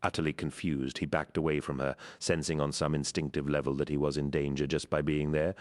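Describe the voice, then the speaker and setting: Deep-voiced male audiobook narrator. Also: flat delivery, brisk, few pauses, a little mellow.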